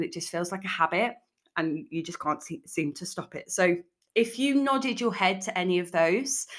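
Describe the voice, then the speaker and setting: A woman's voice: lowish voice, a bit bright. A woman hosting her own podcast as a food coach, talking casually and frankly with lots of "like". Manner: chatty, frank, peppered with "like". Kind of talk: casual solo podcast talk.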